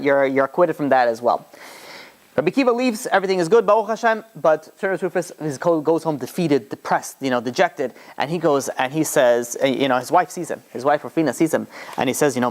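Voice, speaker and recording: A rabbi retelling stories in a lecture, loose and chatty with many fillers, jumping up in pitch as he acts out quoted lines. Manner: animated retelling, voices quoted lines with sharp rises in pitch. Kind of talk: storytelling lecture.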